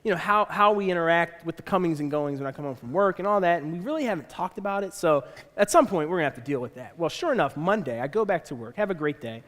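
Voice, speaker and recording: A man's voice: on the high side, expressive, fast talker, hardly any pauses, a bit bright, long reverb tail. A man preaching a sermon in a church, telling a personal family story and acting out the voices of his kids and wife. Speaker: pastor. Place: church auditorium.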